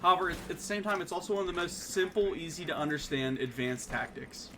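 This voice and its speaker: A man casting a live esports match with rapid play-by-play and bursts of excitement on big plays. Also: a little high, background noise. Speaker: esports caster.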